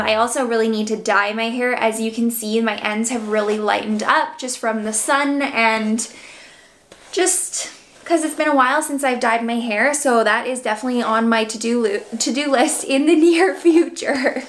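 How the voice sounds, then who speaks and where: A young woman with a slightly high voice talks a camera through her hair routine at home, in a loose, chatty way with many fillers. She sounds a little out of breath as she goes. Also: fairly even intonation, normal speed. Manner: chatty, filler-heavy with frequent "like" and "um". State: out of breath, seven months pregnant. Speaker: beauty vlogger. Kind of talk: casual hair tutorial talk to camera.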